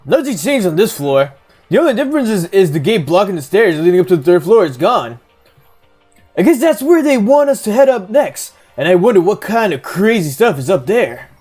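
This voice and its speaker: A woman's voice: mid-range voice, very animated, brisk, dark tone, slightly rough, soft background music. A woman streamer giving casual let's-play commentary, rambling, swearing and thinking aloud. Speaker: game streamer.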